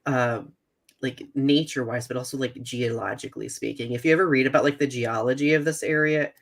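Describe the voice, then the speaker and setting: A woman's voice: a bass voice, moderate pace. A woman co-hosting a live podcast, chatting casually and with self-deprecating humor while reading out viewer comments. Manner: chatty, self-deprecating, reads chat aloud. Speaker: podcast co-host. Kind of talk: casual live-stream chat.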